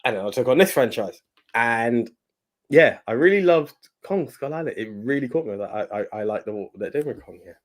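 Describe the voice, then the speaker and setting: A man's voice: mid-range voice, animated, brisk. A man co-hosting a movie podcast in casual chat, hesitant and often repeating words. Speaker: podcast co-host.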